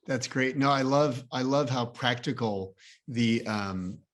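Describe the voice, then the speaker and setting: A man's voice: mid-range voice, slow pace. A man hosting a video call interview, asking questions in a casual, playful way with laughing asides. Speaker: host.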